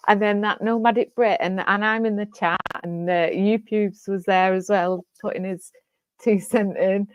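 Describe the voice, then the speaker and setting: A woman's voice: mid-range voice, steady tone, normal speed, noisy background. A woman chatting casually, blunt and sweary, laughing often. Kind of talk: casual chat. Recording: dull dry recording.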